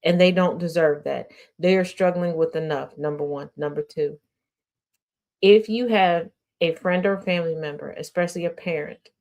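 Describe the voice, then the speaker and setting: A woman's voice: fairly low pitch, moderate pace, a little mellow. A woman hosting a casual news show and commenting on social media gossip in a sassy, blunt, slang-heavy way. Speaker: host.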